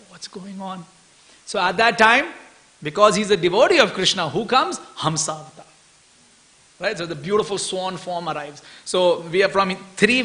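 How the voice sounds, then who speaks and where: A man giving an animated scripture class at a temple, often chuckling and asking his listeners "right?". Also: high-pitched.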